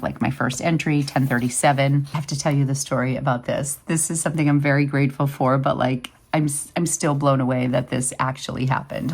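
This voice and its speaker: A woman's voice: extremely low pitch, gravelly, darkish tone, slight background noise. A woman in her fifties hosting a vlog, chatting casually and rambling with lots of fillers. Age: 50s. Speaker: vlog host. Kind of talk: casual chat.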